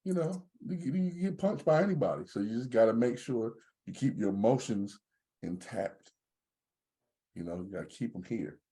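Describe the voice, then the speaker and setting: A man's voice: mid-range voice, moderate pace. A man co-hosting a podcast, in casual joking banter. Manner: joking, animated storyteller. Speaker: podcast co-host.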